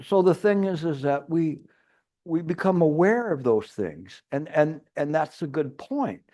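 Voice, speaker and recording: A man's voice: a little high, sing-song, unhurried, mellow. A man giving a Chan meditation teacher's retreat dharma talk, rambling and restarting, with playful everyday examples. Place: retreat hall.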